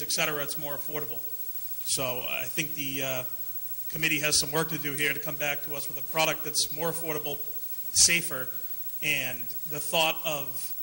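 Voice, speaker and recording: A man's voice: a little high, bright, forceful tone. A man speaking bluntly and critically at a town meeting. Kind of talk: public meeting speech. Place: large meeting hall. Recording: echoey hall, faint hiss.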